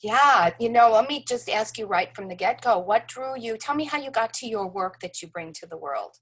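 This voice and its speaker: A woman's voice: on the high side, animated, moderate pace, husky, poor audio. A woman hosting an interview, enthusiastic and effusive, introducing and questioning her guest. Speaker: interview host. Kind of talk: interview conversation.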